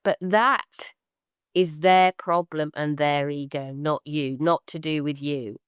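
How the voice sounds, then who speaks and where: A middle-aged woman co-hosting a podcast, chatting in an animated way with sudden lifts in pitch. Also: slow, clean tone, no room sound, studio quality. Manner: animated, acts out quoted voices with big pitch jumps. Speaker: podcast co-host, artist. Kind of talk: casual podcast chat.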